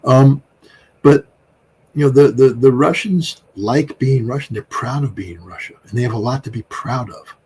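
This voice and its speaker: A man's voice: mid-range voice, normal speed, darkish tone, slightly rough. A middle-aged man from the United States, a guest commentator talking in a rambling, emphatic way, with many fillers and restarts. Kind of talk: conversational political commentary.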